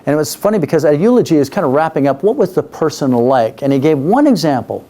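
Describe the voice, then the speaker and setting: A man's voice: on the high side, very animated, fast talker, dark tone. A middle-aged man from Canada, a business speaker, telling a story in a conversational way, with fillers and restarts. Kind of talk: storytelling talk.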